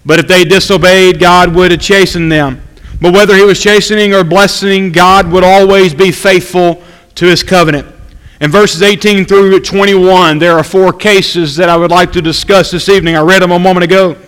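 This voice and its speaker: Guy preaching a sermon, high clear voice, says his main points twice, big reverby hall. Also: fairly even intonation, a bit bright. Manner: slow, repeats key points for emphasis. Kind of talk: evening sermon with scripture reading.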